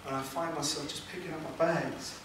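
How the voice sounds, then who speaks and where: A man, a motivational speaker telling an emotional personal story at a seminar, with dramatic pauses and questions to the audience. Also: on the high side, fairly even intonation. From England. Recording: echoey room, distant mic, background noise.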